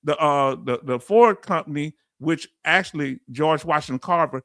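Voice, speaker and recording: A man's voice: on the high side, moderate pace, no room sound, studio quality. A man with a Southern accent hosting a live stream, talking casually and reading out viewers' comments, with many fillers and restarts. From Southern United States. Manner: warm, chatty, with frequent fillers and restarts. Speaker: YouTube channel host. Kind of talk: live-stream chat shout-outs.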